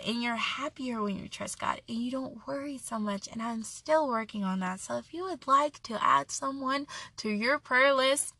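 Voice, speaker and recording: Bright, gravelly-edged woman giving devotional talk. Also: fairly high pitch, no echo. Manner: earnest, chatty, with frequent restarts. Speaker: devotional speaker. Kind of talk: casual devotional talk and scripture reading.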